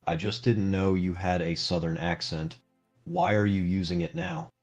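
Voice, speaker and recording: A man's voice: deep voice, lively intonation, moderate pace, darkish tone, soft background music. A man answering in a literal, puzzled, politely questioning manner, as a character in a game chat.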